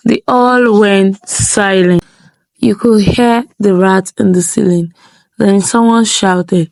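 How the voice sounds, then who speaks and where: Female storyteller, unhurried and dramatic, dry booth sound. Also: medium pitch, steady tone, vocal fry, a little mellow, no echo. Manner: measured, dramatic pacing with slowed phrases for effect.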